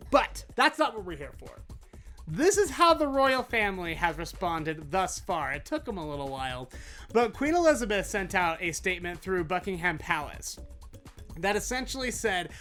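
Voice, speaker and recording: A woman's voice: fairly low pitch, a bit bright. A woman hosting a comedy news show, ranting sarcastically and mocking the people in the stories.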